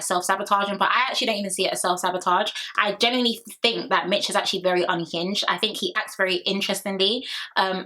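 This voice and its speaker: Young woman, sassy reality TV recap vlogger, bright tone, casual chat straight to viewers. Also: medium pitch. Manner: sassy, opinionated, addresses viewers directly. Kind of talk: casual chatty commentary.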